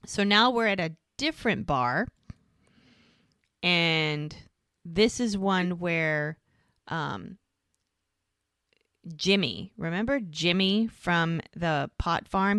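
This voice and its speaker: A woman's voice: fairly low pitch, a bit bright, clear, resonant tone, no room sound, clean studio sound. A woman co-hosting a podcast, casually recapping scenes and acting out the characters' lines. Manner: retells scenes acting out both sides in quotes. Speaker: podcast co-host.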